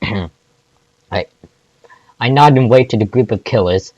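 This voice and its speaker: A man's voice: medium pitch, slow, darkish tone, no room sound, dull audio. A man reading fan fiction aloud, often stumbling and restarting words. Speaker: fanfic reader.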